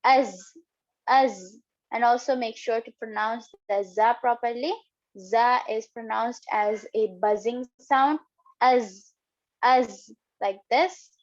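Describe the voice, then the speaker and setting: A woman's voice: on the high side, steady tone. Patient woman teaching recitation, dull lo-fi sound. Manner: patient, repeats each example slowly several times. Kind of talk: step-by-step recitation lesson.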